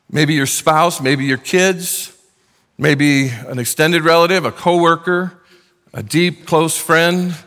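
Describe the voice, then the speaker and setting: A man's voice: on the high side, fairly bright tone. A man preaching a sermon to his congregation, earnest and conversational, with casual asides. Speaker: pastor. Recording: long hall reverb.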